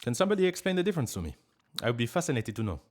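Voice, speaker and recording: A man's voice: mid-range voice, big pitch swings, racing, darkish tone. A man, chatting casually on a live stream, reading chat and making playful, mock-grand pronouncements.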